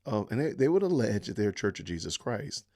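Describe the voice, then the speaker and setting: Exasperated man, lively swinging pitch. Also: brisk. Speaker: podcast host. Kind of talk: live-stream reaction commentary.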